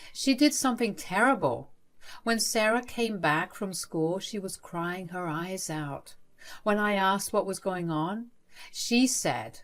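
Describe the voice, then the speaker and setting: Woman narrator, scripted storytelling, even delivery, lowish voice.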